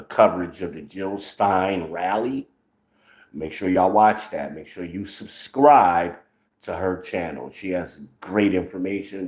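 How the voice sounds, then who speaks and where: A man in his forties, originally from the northern United States, delivers blunt, profane social commentary as a channel host. His voice sits on the low side, and his sarcasm comes through clearly. The recording has a noticeable room echo.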